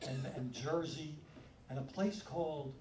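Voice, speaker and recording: A man from Brooklyn doing a stand-up set, telling stories in a punchy, animated way. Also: a little high, a little slow, background noise. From Brooklyn, New York. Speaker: stand-up comedian. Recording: roomy live sound from a distance. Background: audience laughter.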